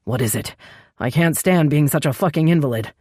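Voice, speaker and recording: Lady doing a low growly frustrated guy stuck in bed, audiobook. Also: a little fast, warm tone, breathy edge, no echo, clean studio sound. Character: bedridden man, gruff and frustrated.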